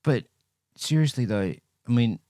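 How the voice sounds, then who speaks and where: A man's voice: medium pitch, expressive, a little slow, warm tone, dry recording, studio quality, soft background music. A man co-hosting a podcast, chatting casually about a bad movie in a wry, rambling way that keeps correcting itself. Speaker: podcast co-host. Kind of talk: casual movie review chat.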